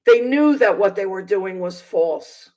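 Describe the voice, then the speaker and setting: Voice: mid-range voice, expressive, a little slow, dark tone, poor audio. A Bible teacher on a video channel telling a personal testimony, indignant and hesitant, with many fillers and restarts. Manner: aggrieved, indignant.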